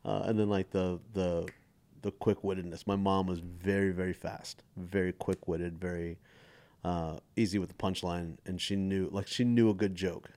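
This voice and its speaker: A man in his forties, a stand-up comedian, chatting as a guest and telling loose, animated stories that he laughs through. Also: deep voice, moderate pace. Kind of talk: casual storytelling chat.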